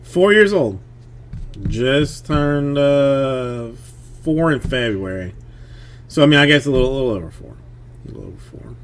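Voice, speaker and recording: A man's voice: medium pitch, expressive, measured pace, long pauses, a little hiss or hum. Rambling, filler-heavy man. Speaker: streamer, father of a young daughter. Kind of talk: casual livestream chat.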